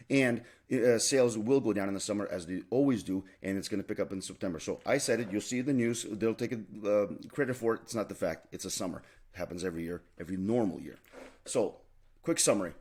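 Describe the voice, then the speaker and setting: Fast-talking low-voiced male realtor. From Canada. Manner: emphatic, repeats key points, many fillers. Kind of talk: market update vlog.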